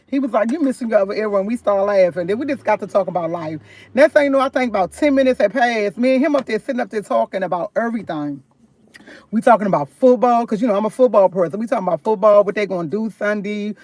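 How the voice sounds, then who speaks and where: A woman's voice: mid-range voice, fast. A woman livestreaming from her parked car, telling rambling stories to her viewers and laughing often as she talks. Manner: rambling, chatty, keeps addressing viewers as y'all; laughs often, animated when retelling. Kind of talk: casual live-stream storytelling.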